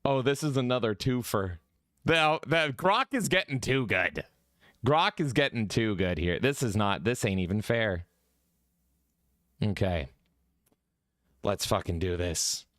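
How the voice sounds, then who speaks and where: A man's voice: lowish voice, animated, unhurried, pauses often, fairly bright tone, no echo, studio quality. A man co-hosting a casual gaming podcast, goofy and rowdy, swearing often. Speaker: podcast co-host.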